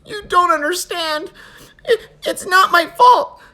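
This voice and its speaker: A woman's voice: very high-pitched, expressive, slow pace, sharp tone, voice pushed up, exaggerated voice. A woman voicing an anxious young boy in a read-aloud storybook, pleading and stammering.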